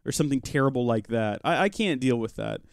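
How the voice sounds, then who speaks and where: Lively, chatty male game streamer. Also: mid-range voice, fast, creaky, no room sound, clean studio sound. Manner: chatty, joking asides, talks to chat and his pet rock. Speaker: gaming livestream host. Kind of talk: live Minecraft modpack let's-play commentary.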